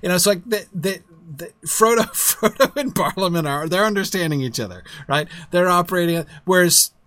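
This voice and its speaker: A man's voice: sits high, expressive, moderate pace, a bit bright, no echo. A man hosting a casual livestream book discussion, rambling with restarts and speaking with enthusiasm.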